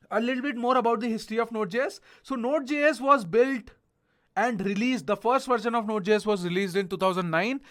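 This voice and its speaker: High-voiced young man teaching coding. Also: a bit bright. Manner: repetitive, reassuring, checks in often with "okay?". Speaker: programming instructor. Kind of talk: video coding lesson.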